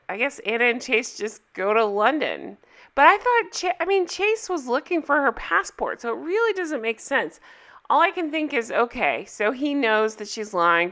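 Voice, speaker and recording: Casual female vlogger, bright and forward tone, talky recap delivery. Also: mid-range voice. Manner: chatty, rambling, self-correcting, quoting characters in little voices. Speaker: TV show reviewer.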